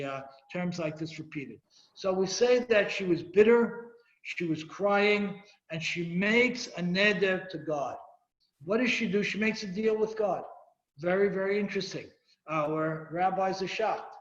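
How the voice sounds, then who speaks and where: A man teaching a Torah class as a rabbi. He reads Hebrew verses, explains them and questions his students. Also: sits high. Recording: echoey room, dull lo-fi sound.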